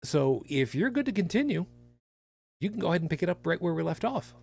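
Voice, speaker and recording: Tired male podcast host, raspy gravelly voice, lively pitch, jokey read. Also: fairly quick. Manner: animated, jokey delivery with big pitch swings. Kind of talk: casual podcast chat, reading horoscopes.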